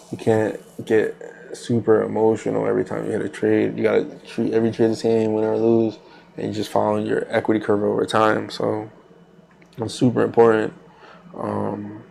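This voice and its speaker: A man's voice: fairly low pitch, completely flat delivery, a little fast, gravelly, warm tone, slight background noise. A man hosting a trading channel, talking casually while he trades live, rambling loosely with repeated phrases and fillers.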